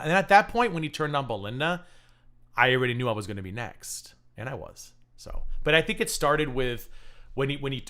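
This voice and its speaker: A man's voice: mid-range voice, a bit bright. A man hosting a livestream, giving casual drama commentary full of sarcastic, mocking asides. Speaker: livestream host.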